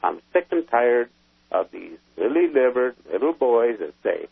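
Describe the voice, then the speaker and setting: A man calling into a radio show as a military veteran, talking in a gruff, folksy, emphatic way, with a husky voice. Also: medium pitch, very animated, normal speed, no room sound. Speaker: call-in caller, military veteran. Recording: tinny dry phone line.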